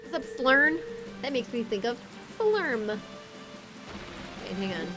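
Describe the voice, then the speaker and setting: Bubbly high-voiced woman streamer. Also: big pitch swings, slow, music in the background. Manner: bubbly, giggly, reads game text aloud. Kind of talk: casual gameplay chat.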